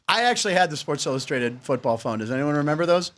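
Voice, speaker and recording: A middle-aged man hosts a comedic sports talk show, joking with his co-host and laughing freely. His voice sits a little high and swings widely in pitch. The tone is loose, animated banter. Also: fast, hardly any pauses, no room sound, studio quality. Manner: playful, animated, laughs often, stages fake phone calls.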